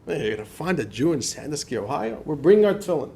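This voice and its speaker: A man teaching a class as a rabbi, telling stories in a lively lecture style, acting out quotes and laughing often. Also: on the high side, quick pace, vocal fry. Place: class in front of a live audience.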